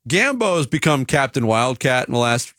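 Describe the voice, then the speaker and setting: A man hosting a radio sports show, chatting casually with an animated, chuckling delivery. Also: medium pitch, no echo, studio quality. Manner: animated, chuckling, drawn-out reveals.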